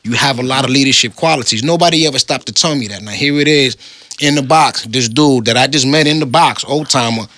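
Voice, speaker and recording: A man's voice: mid-range voice, fairly bright tone, dry recording, studio quality. A middle-aged man, telling the story of his time in prison in casual street slang. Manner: street slang, laid-back storytelling, rapid.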